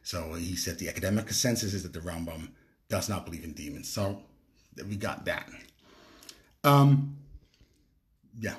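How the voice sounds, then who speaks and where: Guy with a lowish voice chatting on a podcast, lots of uh and restarts, kinda hesitant. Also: expressive, moderate pace, long pauses. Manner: hesitant, many fillers and restarts. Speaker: podcast co-host. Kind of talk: casual explanatory chat.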